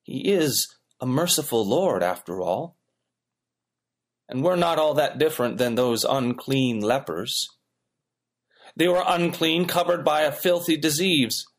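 A man's voice: fairly high pitch, measured pace. A man preaching a sermon as a pastor, emphatic and rhythmic, with repeated phrases building up.

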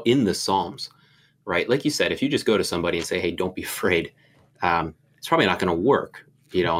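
A man, a pastor, discussing scripture in a reflective, meandering way with many fillers. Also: deep voice. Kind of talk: conversational Bible discussion.

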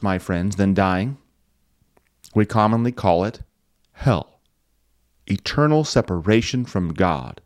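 A man preaching a radio sermon as the show's host, pressing hard on repeated phrases, pausing for effect and now and then chuckling. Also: lowish voice, dry recording, studio quality. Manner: emphatic preaching with dramatic pauses and occasional chuckles; rising emphasis on repeated phrases.

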